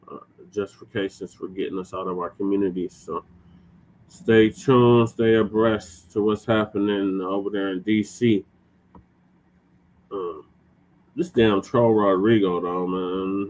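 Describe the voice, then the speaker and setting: A man's voice: fairly low pitch, steady tone, measured pace, darkish tone, rough recording. A man on a talk show panel giving blunt, exasperated commentary.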